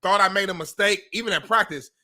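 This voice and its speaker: Male co-host, high bright voice, relaxed and agreeable sports chat. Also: quick pace.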